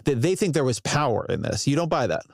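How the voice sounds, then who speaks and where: A man's voice: medium pitch, very animated, fast talker, vocal fry, dry recording, clean studio sound. A man interviewing a guest on a podcast, pushing back with probing questions. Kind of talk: interview conversation.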